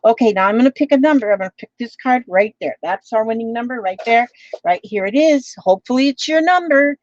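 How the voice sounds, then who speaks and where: A woman's voice: a little high, lively intonation, brisk, lo-fi sound. A woman talking casually as a craft vlogger, rambling along with many fillers and restarts. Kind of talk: casual chat.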